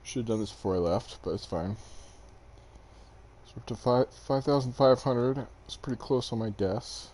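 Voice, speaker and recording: A man's voice: mid-range voice, moderate pace, darkish tone. A young man streaming gameplay to a desk mic, chatting casually with viewers in a rambling, self-deprecating way. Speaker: game streamer. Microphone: desk microphone.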